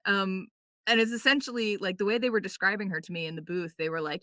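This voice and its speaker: A woman voice actor, a guest on a podcast, chatting casually and telling quick anecdotes with playful quoted asides and lots of "like" and "um". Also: medium pitch, a bit bright, dry recording, studio quality. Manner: frequent fillers like "like" and "um".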